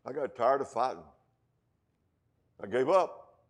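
A man with a West Texas accent preaching a sermon, dropping to hushed low lines and rising to loud, slowed emphatic peaks. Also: expressive, breathy edge. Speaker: pastor.

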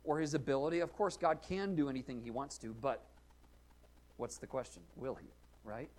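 A man preaching a sermon, earnest and questioning, rising and falling in loudness to stress his points. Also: medium pitch, moderate pace. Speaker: pastor.

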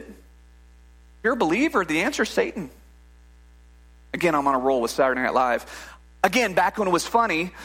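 High-voiced, animated male preacher. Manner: animated and conversational, with frequent restarts and "right?" asides. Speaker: pastor. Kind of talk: sermon.

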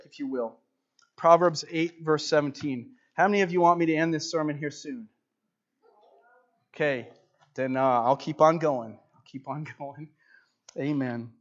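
High-voiced man preaching a sermon. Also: lo-fi sound. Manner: emphatic, swells loud then drops soft.

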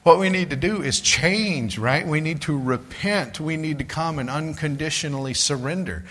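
A man's voice: a little high, moderate pace, a bit bright. A man preaching a sermon in a conversational way, talking to listeners as "guys" and telling stories from his street witnessing. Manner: tells street witnessing stories, voices others in quotes.

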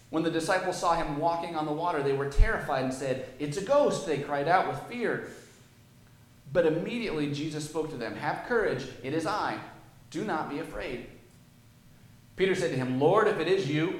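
Man preaching in a very echoey room. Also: a little high. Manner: reads scripture aloud, then explains it conversationally. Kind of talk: sermon with scripture reading.

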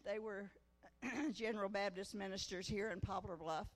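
A woman's voice: mid-range voice, steady tone, moderate pace. A woman, preaching a testimony sermon at a women's conference, folksy storytelling that swells into fervent preaching. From Missouri. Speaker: guest preacher. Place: church conference hall. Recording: echoey church hall.

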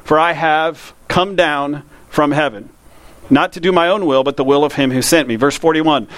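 A man, a pastor preaching a conversational sermon that slows down to read scripture. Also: on the high side, fairly bright tone, no room sound.

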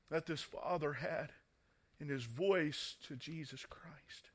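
A man's voice: on the high side, takes it slowly, slightly rough. A man preaching a sermon in a dramatic manner, reading scripture and rising to fervent emphasis.

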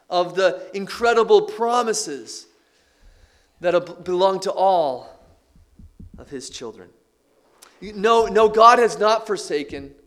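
Male pastor, sermon delivery, higher register, slow emphatic phrasing. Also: a bit bright. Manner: preaching, drawn-out emphatic phrases.

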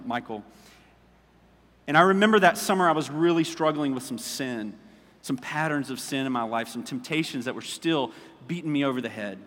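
A man preaching a sermon, moving between impassioned calls and soft storytelling and prayer. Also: mid-range voice, long reverb tail. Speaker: pastor. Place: church sanctuary.

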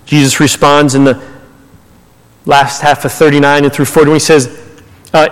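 Male pastor, high register, animated conversational preaching, reverberant sanctuary. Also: normal speed, pauses often. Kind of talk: sermon. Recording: long hall reverb.

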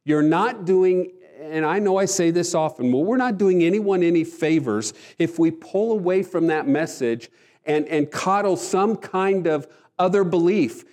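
A man's voice: high-pitched, a little slow, a little mellow. A man preaching a sermon, earnest and emphatic, often restarting his phrases. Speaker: pastor.

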